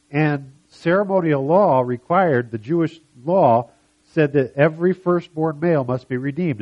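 A man's voice: mid-range voice, lo-fi sound. Man giving casual Bible talk. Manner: conversational, retells scenes with quick quoted voices. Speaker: preacher. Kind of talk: informal Bible teaching.

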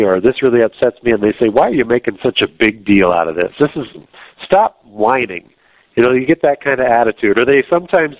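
A man's voice: mid-range voice, no echo. A man preaching a sermon in a conversational, earnest way, often restarting his sentences. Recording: dry, tinny phone-like sound.

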